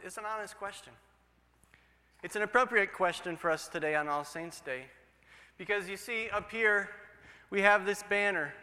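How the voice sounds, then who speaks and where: Male pastor, high and very bright voice, preaching in a reverberant church sanctuary. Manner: storytelling with animated voices for quoted people. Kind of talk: sermon.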